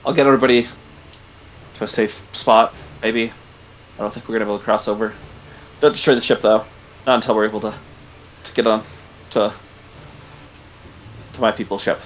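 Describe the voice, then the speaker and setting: A man voicing a dazed Gith woman just freed from a cage, confused and hurried. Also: on the low side, fairly even intonation, a little hiss or hum, lightly acted, poor audio. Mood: urgent.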